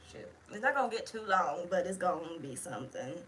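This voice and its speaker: A woman's voice: fairly low pitch, big pitch swings, brisk, a bit bright, a little hiss or hum. A woman talking casually as a tarot reader, blunt, chatty and full of swearing. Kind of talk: casual tarot video chat.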